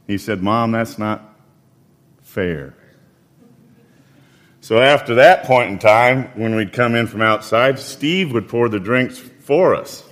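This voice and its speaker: A man in his fifties preaching a sermon, telling folksy personal stories in an unhurried way and reading scripture. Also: mid-range voice, fairly bright tone. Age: 50s.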